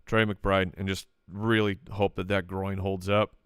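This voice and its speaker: A man hosting a live podcast, answering listener questions in rapid fire, joking and restarting often. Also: low-pitched, little pitch movement, smooth, no room sound, studio quality.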